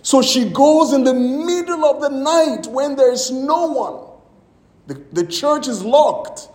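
A man's voice: very high-pitched, slow, a little mellow, echoey room. A man preaching a sermon as pastor, telling a story with acted-out quotes and emphatic exclamations.

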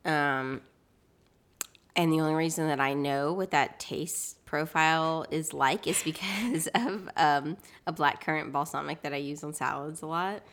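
A woman's voice: low-pitched, fairly even intonation, measured pace, fairly bright tone. A woman co-hosting a podcast in casual chat, talking animatedly and restarting her sentences. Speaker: podcast co-host.

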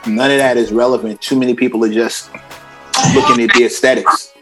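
A man from Queens co-hosting a casual podcast chat, joking and getting animated, his voice shooting up when excited. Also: mid-range voice, brisk, loud music behind the voice. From Queens, New York, US. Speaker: podcast co-host.

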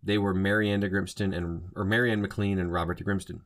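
A man's voice: low voice, little pitch movement, quick pace. A man hosting a solo podcast in a casual monologue, rambling and often stopping to rephrase and correct himself. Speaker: podcast host.

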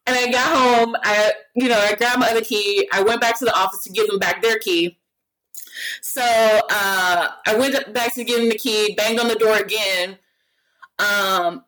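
A woman in casual chat, telling a story in an animated, profane way and acting out what each person said. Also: a little high, rough recording.

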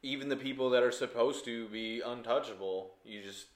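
A man hosting a casual podcast chat, enthusiastic and quick to laugh. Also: medium pitch. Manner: enthusiastic, laughs often, restarts and fillers. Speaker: podcast host. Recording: echoey room.

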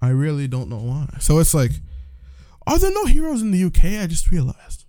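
Male podcast co-host, slightly high, very lively pitch, loose profane rants, dry close sound. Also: fairly quick, no room sound. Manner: profane, animated, incredulous ranting. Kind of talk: casual chat.

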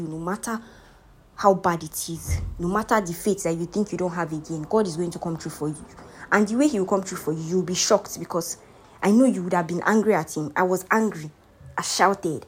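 With a lowish, darkish, slightly rough voice, a young Nigerian podcast host delivers motivational faith talk. She speaks from the heart, earnestly encouraging her listeners to keep their faith.

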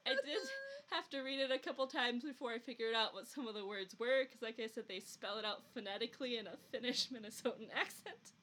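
Bright-voiced Midwestern woman podcaster. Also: a little high, fairly quick. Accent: rural Midwestern. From US Upper Midwest, along the Mississippi. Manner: chatty, giggly storytelling. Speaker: podcast co-host. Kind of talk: casual podcast chat.

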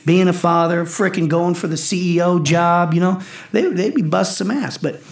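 A man's voice: sits high, normal speed, creaky, echoey room. A man in his forties, a powerlifter and coach, talking intensely in casual chat, swearing and acting out his own quotes. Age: 40s.

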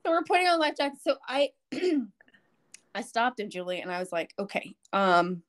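This podcast co-host speaks in a high-pitched voice at a moderate pace. Chatting casually, she tells stories with lots of animation and laughs readily, at times until tearful.

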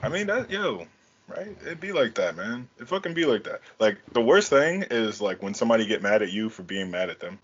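Slangy low-voiced man on a podcast. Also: brisk, breathy edge, dull audio. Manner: profane, slangy, animated storytelling. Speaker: podcast host. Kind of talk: casual chat.

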